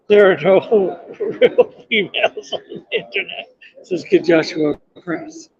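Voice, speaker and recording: A chatty man in his fifties with a high-pitched voice. He talks loosely and laughs a lot. The recording sounds dull and lo-fi. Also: lively intonation, slow pace. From Canada. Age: 50s. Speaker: streamer. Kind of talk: casual live-stream chat. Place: indoor bus station waiting area.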